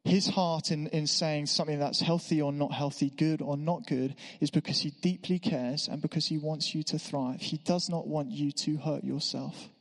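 A man's voice: a little high, fairly even intonation, normal speed, few pauses. A man preaching a sermon in a church, conversational with self-deprecating asides. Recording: echoey church hall.

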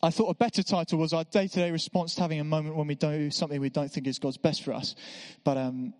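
A man's voice: a little high, fairly even intonation, quick pace, a little mellow. A man preaching a sermon in a church, conversational with self-deprecating asides. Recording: echoey church hall.

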